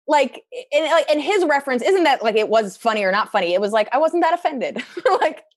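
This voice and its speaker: A young woman, a stand-up comedian appearing as a guest, tells stories about her family in a casual chat. Her voice sits high and her pace is brisk, and she's chatty, full of fillers and animated quoted asides. The recording is dry, with clean studio sound.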